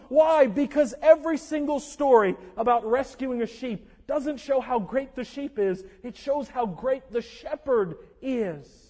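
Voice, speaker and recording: A man delivering a sermon in a conversational, animated style that bursts into shouts. His voice is very high. It rings with a long echo in a large church hall. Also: moderate pace. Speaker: preacher.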